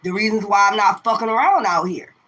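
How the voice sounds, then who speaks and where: This tarot reader has a medium-pitched, expressive, somewhat bright voice and talks briskly during a livestream rant aimed at her viewers. Confrontational and full of swearing, she repeats her rhetorical questions again and again.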